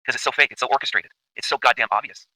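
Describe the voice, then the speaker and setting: A man's voice: medium pitch, very fast, sharp tone, a little hiss or hum, poor audio. A man from Canada, hosting his own channel, delivering an emphatic, profane, repetitive rant as commentary over video footage. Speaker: channel host.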